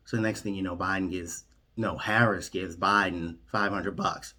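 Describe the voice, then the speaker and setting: A comedian telling an absurd story in a lively way, jumping in and out of quoted voices. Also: male voice, low voice, normal speed. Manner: animated, jumps into quoted voices. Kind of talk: comic storytelling.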